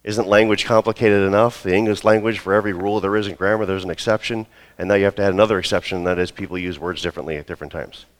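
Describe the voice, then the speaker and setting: Deep-voiced man preaching a sermon. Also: fairly even intonation, very fast. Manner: storytelling, acts out quoted voices. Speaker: pastor.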